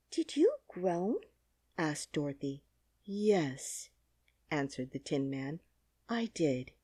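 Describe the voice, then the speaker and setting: A woman narrating a classic children's audiobook with an expressive storytelling reading, on a close studio mic. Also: deep voice, no room sound.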